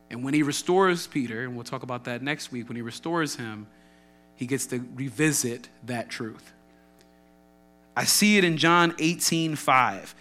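A man's voice: mid-range voice, bright, forceful tone. A man preaching a sermon, emphatic, asking rhetorical questions and acting out quotes.

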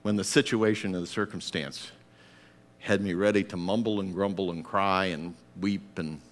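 A man preaching a sermon, acting out voices and breaking into shouted calls to get up. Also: deep voice, steady tone, normal speed.

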